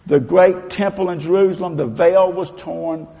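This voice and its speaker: A man preaching a sermon, swinging between loud emphatic proclaiming and hushed low tones and leading the congregation in call-and-response. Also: steady tone, moderate pace, gravelly, muffled recording. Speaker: pastor. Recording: long hall reverb.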